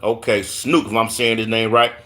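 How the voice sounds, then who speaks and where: A man's voice: lowish voice, little pitch movement, moderate pace, sharp tone. A man from Houston with a Southern accent, hosting a casual live stream and reading viewer comments aloud, often stumbling on names and repeating words. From Houston, Texas.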